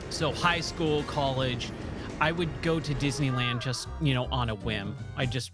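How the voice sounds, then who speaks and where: A man's voice: mid-range voice, steady tone, unhurried, music in the background. A man from southern California chatting casually as a stream host while gaming, rambling with lots of fillers and answering chat. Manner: rambling, filler-heavy, reads chat aloud.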